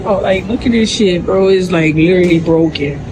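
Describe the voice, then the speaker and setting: A woman's voice: on the low side, a little fast, background noise. A woman, a beauty school student, complaining about her broken case in a frustrated way at an airport. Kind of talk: casual phone vlog.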